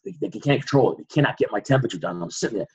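A man, a guest on an interview show, recounting a dramatic personal story with vivid, animated reenactments. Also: medium pitch, racing, vocal fry, slightly rough, dull audio.

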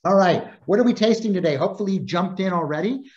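A man's voice: high voice, expressive, fast talker, darkish tone, muffled recording. A man co-presenting an online wine seminar as a master sommelier, chatty and jokey with self-deprecating asides. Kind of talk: casual seminar presenting over video call.

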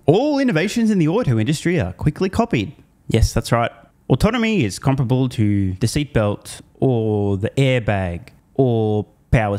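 A man hosting a finance video in casual commentary, animated and sarcastic, swearing in disbelief. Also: on the low side. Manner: upbeat sponsor read.

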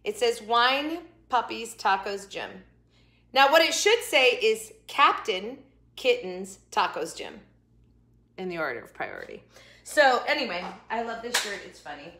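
A middle-aged woman hosting a casual food review vlog, chatty and jokey, with quick asides that sometimes drop to a whisper. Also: a little high, expressive, bright, forceful tone. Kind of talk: casual chat to camera.

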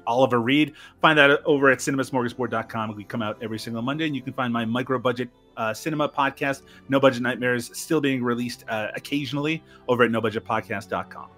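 A man's voice: mid-range voice, sharp tone. A man appearing as a guest on a film podcast, offering dry, wry commentary in casual chat.

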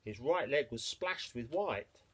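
A man reading a children's picture book aloud, expressive and playful with the sound words. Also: medium pitch, a little slow, slight background noise. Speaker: storyteller.

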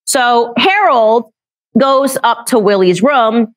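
A woman's voice: a little high, lively intonation, slow pace. A woman commentator sarcastically retelling and mocking a story from a book. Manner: sarcastic storytelling, laughs at the subject. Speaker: political commentator.

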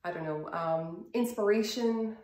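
A woman's voice: mid-range voice, a little slow, darkish tone, reverberant. A woman vlogger giving wellness tips in a chatty, self-deprecating way. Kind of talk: casual vlog.

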